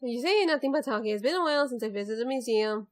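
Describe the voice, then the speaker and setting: A woman's voice: fairly high pitch, lively intonation, fast. A young woman giving casual, wisecracking commentary while she plays a video game. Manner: chatty and wisecracking about the game. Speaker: let's play gamer. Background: faint game music.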